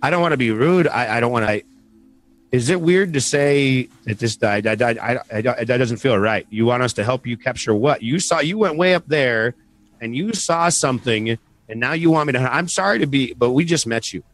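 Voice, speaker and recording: A man's voice: medium pitch, fairly quick, fairly bright tone. A man player speaking in character, hesitant and stammering as he objects. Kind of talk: in-character game play.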